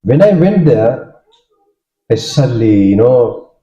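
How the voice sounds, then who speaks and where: Monk recounting stories in an echoey hall. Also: male voice, medium pitch, big pitch swings, mellow. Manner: halting, storytelling, many fillers and restarts. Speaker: Buddhist monk giving a talk. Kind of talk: informal dharma talk. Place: hall with audience. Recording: dull echoey hall recording.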